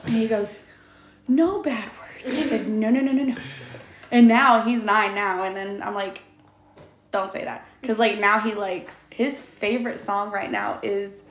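A woman's voice: mid-range voice, steady tone, measured pace, a bit bright, a little hiss or hum. A woman in her thirties hosting a casual podcast interview, telling stories with a laugh and lots of fillers. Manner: chatty, laughing storyteller with many fillers. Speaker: podcast host. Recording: echoey room.

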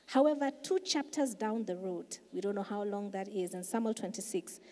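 A woman's voice: medium pitch, moderate pace. A woman pastor preaching a sermon, telling the story with emphatic, swelling delivery. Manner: emphatic storytelling, swelling louder for key points. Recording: long reverb of a large hall.

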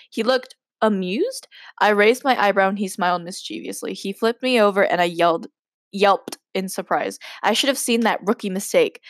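A woman's voice: medium pitch, moderate pace, a bit bright, no echo, clean studio sound. A young woman hosting a podcast, reading her old stories aloud and breaking off with giggling, self-mocking asides. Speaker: podcast host.

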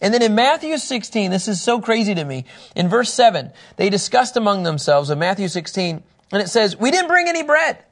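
Guy with a high voice teaching a bible lesson, jokey and animated, acts stuff out, chats with folks in the room. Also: fairly quick. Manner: animated, joking, acts out scenes.

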